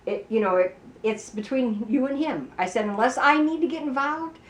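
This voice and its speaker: A woman's voice: sits high, normal speed. A woman telling a family story in casual conversation, acting out the dialogue and filling her talk with "you know.". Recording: roomy, distant, faint background noise.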